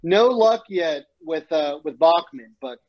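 A man from San Diego co-hosting a casual interview, chatty and quick to laugh, heard over dull video-call audio. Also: on the high side, lively intonation. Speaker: co-host.

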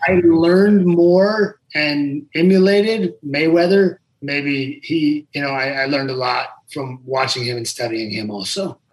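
A man's voice: on the high side, measured pace, hardly any pauses, low-quality recording. A middle-aged man, a former fighter, chatting casually as a podcast guest, often restarting his sentences. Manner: relaxed, rambling with repeated restarts. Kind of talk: casual chat.

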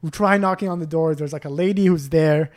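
A man telling a story among friends in a lively, up-and-down voice, pitched slightly high for a man. He swears freely and acts out the lines of the people in his tale. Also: quick pace. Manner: animated, swearing, acts out quotes. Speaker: storyteller guest. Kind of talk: casual storytelling chat.

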